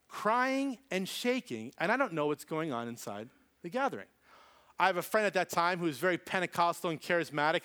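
A man preaching a sermon, telling a personal story with animated delivery and acting out the voices in it. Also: a little high. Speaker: pastor.

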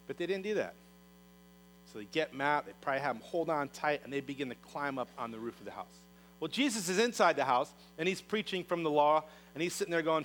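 A man preaching a sermon, telling a story in a lively way and acting out the characters' lines in voices. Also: fairly high pitch, brisk, a little hiss or hum, poor audio. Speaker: pastor.

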